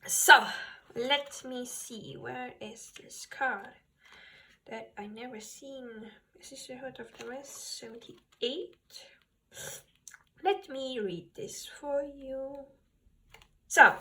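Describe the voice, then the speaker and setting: Slow, bright-voiced woman tarot reader. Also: sits high. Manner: soft-spoken, gentle, laughs often, slow and unhurried. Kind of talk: pick-a-card tarot reading.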